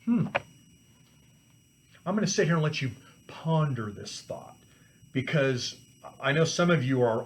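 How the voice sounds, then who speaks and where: A man hosting a weekly financial commentary, talking in a lively, casual way with quick asides and rhetorical questions. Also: mid-range voice, a little hiss or hum. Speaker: financial advisor hosting a weekly market show. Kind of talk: casual unscripted market commentary. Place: Fort Collins office.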